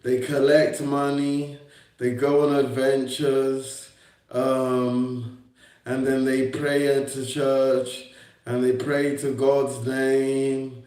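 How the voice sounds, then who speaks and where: A young man on a livestream from an indoor room rambles confrontationally, repeating himself and swearing at his critics. His medium-pitched voice is a little mellow and level, with drawn-out words, and the room sounds echoey.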